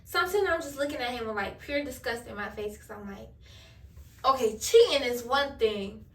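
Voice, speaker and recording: A woman's voice: on the high side, a little fast, recorded from a distance. A young woman vlogger, telling a candid storytime full of slang and swearing while she does her hair. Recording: echoey room, voice a bit off-mic.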